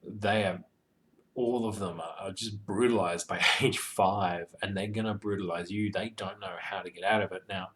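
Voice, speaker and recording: His voice sits low and a bit bright, with fairly even intonation and an ordinary pace, as he rambles through casual tips on running tabletop games. The game master swears, jokes, and leans heavily on ums and you-knows.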